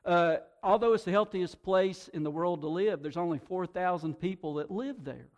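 A man preaching a sermon to a congregation, animated, often repeating words and swinging between soft and loud delivery. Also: sits high, normal speed. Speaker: pastor.

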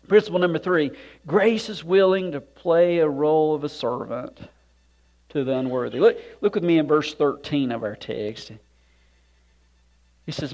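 A man preaching a sermon with folksy conversational asides, swinging from loud emphatic points to hushed, near-whispered moments. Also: on the high side, animated, a little slow, pauses often. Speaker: pastor.

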